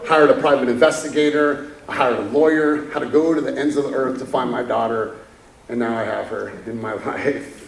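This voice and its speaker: Guy giving a pep talk on stage, kinda gravelly, laughs a lot, roomy hall sound from far off, faint hum behind. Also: medium pitch, fairly even intonation, fairly quick. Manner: candid, chuckling storyteller. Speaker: keynote speaker. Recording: echoey hall from afar.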